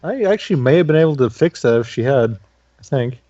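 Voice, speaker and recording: A man's voice: medium pitch, lively intonation, brisk, warm tone, no room sound. A man playing in a tabletop game, talking casually and hesitantly, often trailing off. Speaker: player. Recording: dull lo-fi dry sound.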